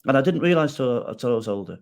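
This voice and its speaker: A man's voice: medium pitch, fast talker. Middle-aged man telling his life story. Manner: animated, frequent restarts, self-deprecating jokes; gets emotional telling the story. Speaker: guest. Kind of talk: personal storytelling in a podcast interview.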